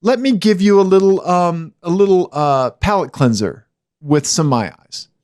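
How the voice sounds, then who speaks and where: Animated high-voiced man co-hosting. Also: moderate pace, no room sound. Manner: animated, chatty, frequent back-channel yeahs. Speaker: podcast co-host. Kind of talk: casual chat.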